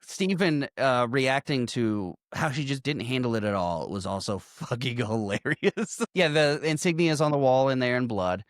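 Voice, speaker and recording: Male podcast co-host, mid-pitch, dry close sound, swears a lot, laughs easily. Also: moderate pace, hardly any pauses, smooth, no room sound. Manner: animated, profane, laughs often. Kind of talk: casual movie recap chat.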